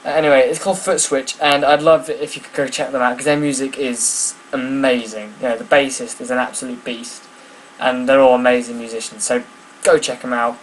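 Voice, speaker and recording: A man's voice: medium pitch, steady tone, fairly quick, low-quality recording. Casual: young guy rambling on his vlog, lots of ums, mid voice, bit of noise behind. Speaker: vlogger.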